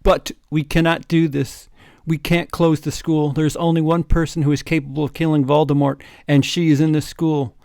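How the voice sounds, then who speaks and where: A man's voice: fairly high pitch, flat delivery, normal speed, gravelly, few pauses, darkish tone, dry recording, studio quality. A man voicing a grave old male headmaster wizard, declaring solemnly.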